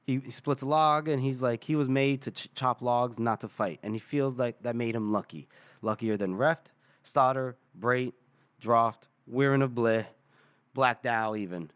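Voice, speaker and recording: A man's voice: medium pitch, normal speed, fairly bright tone, clean tone, dry recording. A man hosting a podcast, loosely retelling a chapter with fillers and laughs. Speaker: podcast host. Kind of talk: casual chapter recap.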